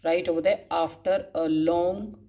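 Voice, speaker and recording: Woman teacher reading notes aloud for students to copy, very slow, repeats phrases, coughs often. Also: fairly low pitch, steady tone, warm tone. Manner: slow dictation, spelling out words and repeating phrases; frequent coughs and throat clearing. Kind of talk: dictating class notes.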